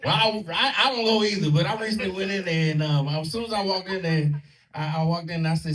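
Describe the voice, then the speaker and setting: A man in his thirties with a high-pitched voice talks fast through a loose, profane stand-up set full of crude punchlines. He's on a comedy club stage before a live audience, picked up by a distant mic in the loud, crowded room, with laughter and clapping behind him.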